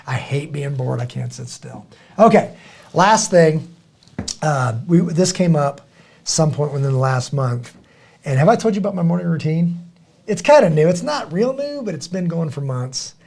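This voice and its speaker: A man's voice: a little high, normal speed, vocal fry. A middle-aged man hosting a podcast, telling stories in casual, earnest talk and acting out the quotes he tells. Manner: earnest, animated storytelling with acted quotes. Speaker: podcast host.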